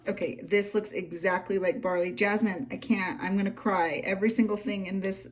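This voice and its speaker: A woman's voice: mid-range voice, steady tone, moderate pace, distant mic. A woman chatting emotionally as she unboxes a handmade gift, gushing and on the edge of tears. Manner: gushing, tearful, gasping with delight. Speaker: craft vlogger. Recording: voice a little off-mic, faint room noise.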